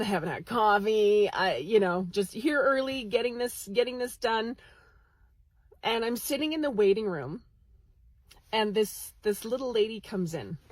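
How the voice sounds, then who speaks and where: A woman speaks in a casual vlog, telling a story with animated energy from a waiting room. Her voice is a little husky and breathy. The sound is close and dry, recorded on a phone held near her. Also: mid-range voice, dry recording. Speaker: psychic medium. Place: medical lab waiting room.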